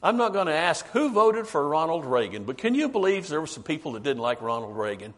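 A man preaching a sermon emphatically, asking rhetorical questions and slowing down for stress. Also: on the high side, sing-song.

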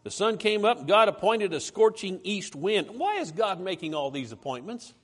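Animated high-voiced preacher man. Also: moderate pace, slightly rough. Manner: animated, conversational, reads scripture aloud with rising emphasis. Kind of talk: sermon.

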